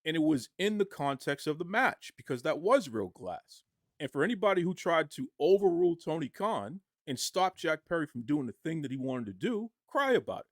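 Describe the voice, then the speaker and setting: A man giving impassioned podcast commentary, arguing forcefully and firing off rhetorical questions. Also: on the high side, expressive, moderate pace, no room sound, clean studio sound.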